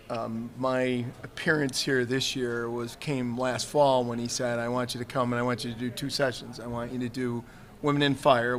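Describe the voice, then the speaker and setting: A man, a retired fire chief, telling earnest personal stories in a live interview and often quoting other people as he goes. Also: medium pitch. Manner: earnest, reflective, quotes others in his stories. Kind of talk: candid storytelling in a live interview. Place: trade show livestream set.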